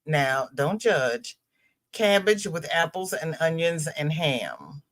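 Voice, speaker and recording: Woman livestream host, casual chat, rambling, unhurried, greets viewers by name. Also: sits low, big pitch swings.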